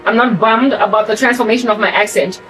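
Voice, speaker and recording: A woman's voice: medium pitch, fast, fairly bright tone, distant mic, soft background music, poor audio. A South African woman whose accent has picked up an American tinge, talking in a rambling, emphatic monologue that repeats and restarts phrases. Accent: South African with American influence. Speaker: channel host. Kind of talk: casual monologue.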